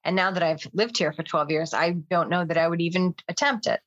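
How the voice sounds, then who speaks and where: A woman from the United States hosting a casual chat, relaxed and laughing often. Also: on the low side, fairly quick, no echo, lo-fi sound.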